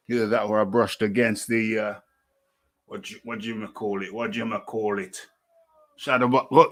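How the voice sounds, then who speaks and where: A man's voice: fairly low pitch, flat delivery, normal speed, a bit bright. Playful Northern English man hosting live. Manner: playful, jokey, repeats himself, shadowboxing bursts. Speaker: boxing show host. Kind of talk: live-stream fight chat.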